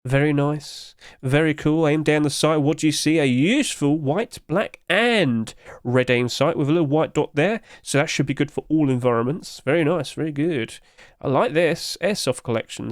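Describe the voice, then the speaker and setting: A man's voice: a little high, normal speed, no room sound. Chatty man reviewing game skins, dry sound. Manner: chatty, keeps asking viewers questions. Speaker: video game skin reviewer. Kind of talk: casual commentary to viewers.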